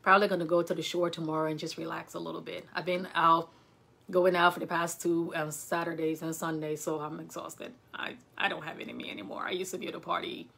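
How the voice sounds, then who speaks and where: A middle-aged woman, a nurse turned health provider from Liberia, chatting casually on a livestream and telling a story with lively quoted voices. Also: on the low side, quick pace, creaky. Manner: chatty storyteller, animated when quoting. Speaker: nurse practitioner and health vlogger.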